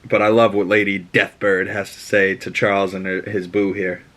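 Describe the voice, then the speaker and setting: Excitable man recapping a cartoon. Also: low voice, normal speed. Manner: excitable, profane, laughs and shouts at scenes. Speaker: podcast host. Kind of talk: casual reaction and recap.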